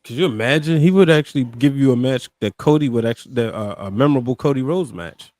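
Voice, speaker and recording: Rambling mid-pitched podcast co-host. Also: male voice, lively intonation, fast, darkish tone, no echo. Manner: rambling, full of "you know" fillers. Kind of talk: casual wrestling chat.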